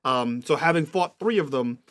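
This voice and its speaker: A man's voice: fairly high pitch, lively intonation, normal speed, a bit bright. A man narrating a tabletop game as game master, describing scenes patiently and checking what the players mean.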